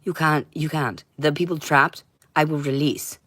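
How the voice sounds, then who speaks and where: A woman streaming a rambling monologue, intense and profane, swinging between shouting and muttering. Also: low-pitched, fairly even intonation, moderate pace, no echo. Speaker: livestreamer.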